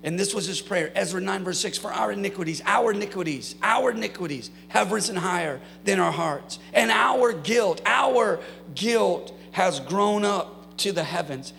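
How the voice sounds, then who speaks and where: A man's voice: a little high, vocal fry, a bit bright. A man preaching a sermon to a congregation, with rhetorical questions and passionate prayer. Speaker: pastor. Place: church sanctuary. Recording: hall reverb, faint mains hum.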